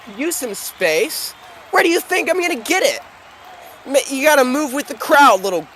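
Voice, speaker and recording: Tabletop game: a snappy, condescending young woman, played by a man with a high voice. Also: lively intonation, quick pace, pushed and bright, some chatter behind, a little hiss or hum, poor audio. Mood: irritated. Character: haughty young woman in a crowd.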